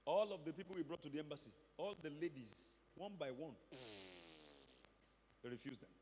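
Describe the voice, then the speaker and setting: A man's voice: fairly high pitch, moderate pace, big-room sound, noisy background. A Nigerian man preaching as a pastor, telling a testimony and acting out the dialogue as he goes. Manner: animated storyteller acting out dialogue. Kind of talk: sermon testimony.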